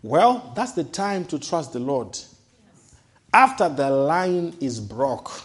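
A man preaching a sermon, emphatic, rising to loud declarations and dropping to soft low asides. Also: sing-song, slow pace.

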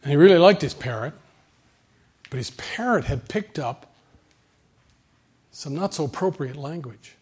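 A man's voice: fairly high pitch, lively intonation, unhurried, pauses often, darkish tone, slightly rough. A man preaching a sermon with an emphatic, repetitive cadence. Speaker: pastor.

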